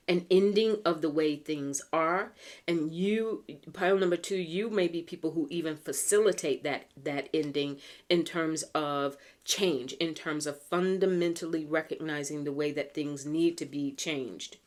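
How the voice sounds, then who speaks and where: An American woman doing a pick-a-card tarot reading, chatty and earnest, slowing down to read the cards aloud and clearing a tickly throat. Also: deep voice, darkish tone. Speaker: tarot reader.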